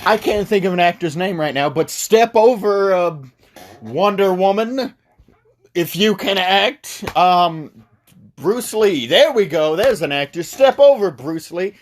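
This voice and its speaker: A man's voice: high voice, lively intonation, a little slow. Rambling man reviewing a movie. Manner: rambling, forgetful, self-mocking asides. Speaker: podcast host, movie reviewer. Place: podcast studio.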